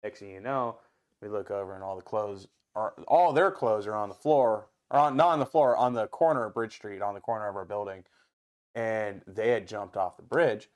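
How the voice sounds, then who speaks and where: A man with an Ohio accent, a restaurant owner and guest, telling stories in an animated, casual way and swearing freely. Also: lowish voice, normal speed. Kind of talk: casual storytelling.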